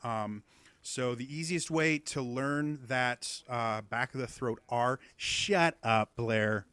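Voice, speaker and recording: A man's voice: mid-range voice, slow, a bit bright, clean tone, no room sound. A man guesting on a podcast, explaining accents in a rambling, casual way full of ums and uhs.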